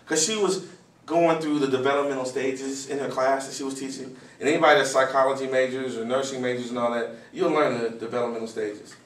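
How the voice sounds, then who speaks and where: A man giving a live motivational talk to students, telling stories in an animated way, acting out voices and sometimes shouting. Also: medium pitch, fast talker. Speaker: motivational speaker. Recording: echoey hall from far off, faint noise.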